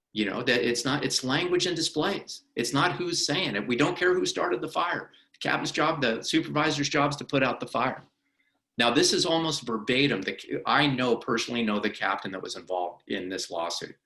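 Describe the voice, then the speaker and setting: A man's voice: mid-range voice, moderate pace. A middle-aged man, an attorney, leading a workplace harassment training in a conversational way and acting out courtroom questioning. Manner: animated, acts out courtroom questioning. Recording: roomy echo of a meeting room.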